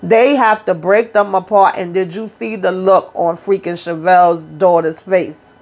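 A woman's voice: fairly low pitch, fairly even intonation, unhurried, darkish tone. A woman hosting a casual reality TV recap, blunt and profane, acting out quotes as she retells scenes. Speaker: YouTube reality TV recap host.

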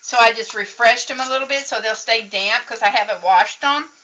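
A woman's voice: fairly high pitch, a little fast, bright, forceful tone, poor audio. A woman teaching a casual painting lesson at a craft table, chatty and encouraging as she explains each step. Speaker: craft instructor.

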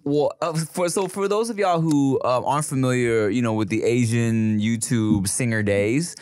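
A man's voice: medium pitch, normal speed, a little mellow, clean tone, dry recording. A man co-hosting a podcast, chatting in a laid-back, slangy way. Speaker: podcast co-host. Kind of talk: casual chat.

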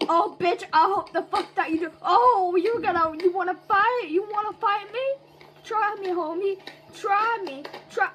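A woman's voice: very high-pitched, fairly even intonation, fairly quick, few pauses, fairly bright tone, poor audio. A woman voicing a foul-mouthed, murderous robot in a comic voice-over dub, humming tunelessly and swearing constantly. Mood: threatening.

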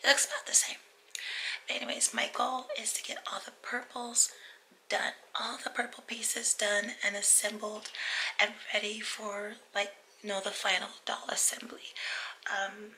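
A woman in her forties vlogging from her home workspace in casual chat, her weak, breathy voice slipping between soft speech and whisper. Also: medium pitch, level tone, moderate pace, low-quality recording.

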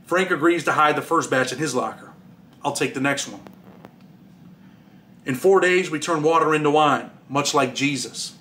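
A man's voice: mid-range voice, bright, forceful tone, slight background noise. A man, the author, reading his own memoir aloud in a plain storytelling way with dry asides.

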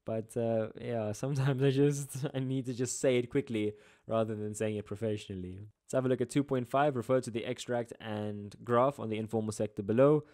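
A man's voice: medium pitch, steady tone, fairly quick, mellow. A young man with a South African Durban accent, walking through exam answers as a geography tutor in a casual lesson, with chatty asides and playful slang.

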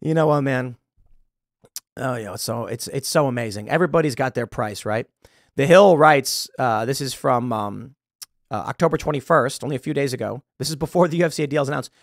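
A man hosting an opinion show, delivering a sarcastic, animated commentary monologue from a studio. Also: mid-range voice, brisk, no echo. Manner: sarcastic, animated, mocks with put-on quotes. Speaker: host.

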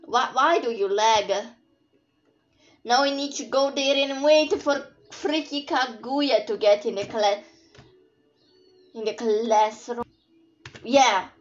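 A woman from Brazil giving casual, sarcastic gameplay commentary and swearing often. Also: fairly high pitch. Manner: playful, sarcastic, swears a lot. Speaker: gameplay streamer. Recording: dull lo-fi audio with faint game music.

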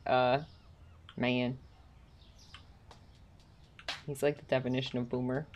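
A woman's voice: low voice, animated, brisk, muffled recording, a little hiss or hum. A woman streamer chatting casually at home while gaming, rambling with lots of "like" and getting heated when something annoys her. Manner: rambling, heavy use of "like".

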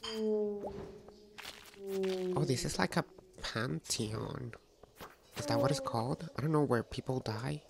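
A woman's voice: deep voice, big pitch swings, slow, creaky, pauses often, over a noisy crowd. A woman hosting a casual let's-play video, chatty and playful, talking to the game's characters and to her viewers. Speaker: gaming video host.

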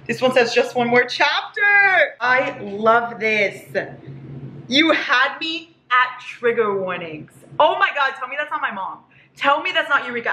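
A woman vlogging a casual haul, gushing and excitable, squealing over each item. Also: a little high. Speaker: book vlogger. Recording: echoey room with faint hiss.

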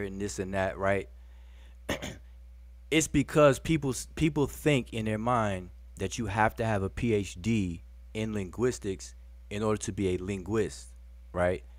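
Fairly low in pitch and recorded dry, this man's voice carries casual live-stream commentary. He's the host of a live video show, speaking informally to viewers he addresses as "y'all" and dissolving into laughter now and then.

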